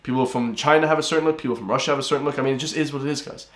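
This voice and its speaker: A man's voice: mid-range voice, fairly even intonation, very fast, a bit bright. An Irish man hosting a reaction video, ranting and calling his viewers guys and bro. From Ireland. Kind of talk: reaction commentary. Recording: roomy echoey room.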